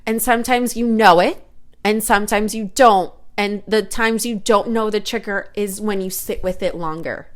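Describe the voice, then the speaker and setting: A woman therapist chatting on a comedy podcast, animated and rambling, laughing often. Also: medium pitch, moderate pace. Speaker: therapist guest. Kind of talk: casual podcast chat.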